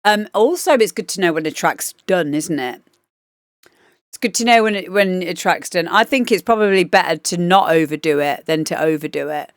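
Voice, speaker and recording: A woman's voice: fairly low pitch, animated, moderate pace, no echo, studio quality. A woman DJ hosting a livestream, chatting casually and rambling with lots of fillers as she gives feedback on demos. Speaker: DJ and livestream host.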